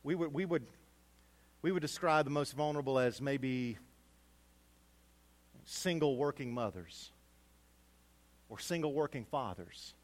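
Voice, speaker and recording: A middle-aged male pastor preaching a sermon, swinging from loud emphatic peaks to quiet low asides. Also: animated, measured pace, pauses often.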